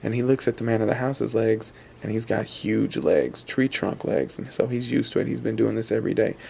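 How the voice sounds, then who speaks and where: Male storyteller, gravelly mid-range voice, loose repetitive delivery, faint room noise. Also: lowish voice, brisk, a little mellow. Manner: rambling, repetitive, voices quoted characters. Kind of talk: spoken campfire-style storytelling.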